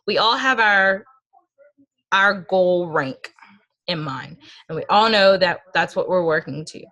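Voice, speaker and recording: A woman's voice: mid-range voice, measured pace, a bit bright. A young woman giving an earnest, emotional motivational talk to her sales team over a video call. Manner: earnest and emotional, speaks from personal experience. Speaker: team leader speaking to a sales team. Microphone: video call microphone.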